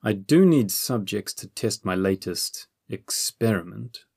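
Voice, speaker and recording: A man voicing a cold, menacing masked sorcerer lord in an audiobook, with icy, drawn-out threats. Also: on the low side, lively intonation, vocal fry, a little mellow, husky, heavily acted.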